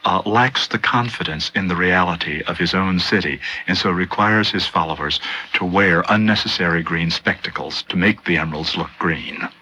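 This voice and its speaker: A man's voice: low voice, moderate pace, pushed and bright, slightly rough, low-quality recording. A man giving unscripted literary commentary, thoughtful and hesitant, with frequent fillers.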